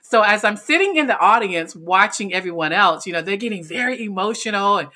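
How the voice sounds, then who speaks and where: Bright-voiced woman telling her story. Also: medium pitch, fairly quick. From North Carolina, USA. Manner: animated, laughs often, acts out quoted lines. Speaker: podcast guest, speaker and coach. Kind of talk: casual interview storytelling.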